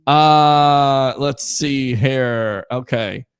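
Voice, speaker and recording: A man hosting a casual sports talk show, excitable and rambling, often restarting his sentences. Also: mid-range voice, extremely slow, clean tone, no echo, studio quality. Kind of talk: casual sports radio chat.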